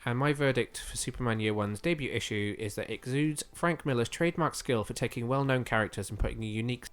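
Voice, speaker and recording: A man's voice: medium pitch, fast, smooth. Chatty man, voice slightly worn. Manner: chatty and enthusiastic, with frequent fillers. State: slightly losing his voice. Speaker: podcast co-host. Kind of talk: casual podcast chat.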